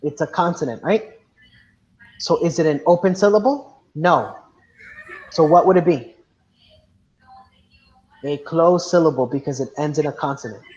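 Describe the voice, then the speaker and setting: A male teacher with a slightly high voice leads a class lesson. He asks the students question after question in a patient, steady way. The sound is dull and lo-fi. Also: moderate pace, long pauses. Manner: patient, questioning, mixes in Spanish. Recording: dull lo-fi audio.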